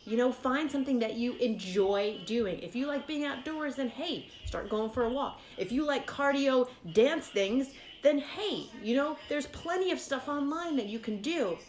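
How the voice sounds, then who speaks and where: A woman's voice: high voice, lively intonation, moderate pace, few pauses, echoey room. A woman giving casual, encouraging fitness advice as a vlogger, chatty and full of fillers.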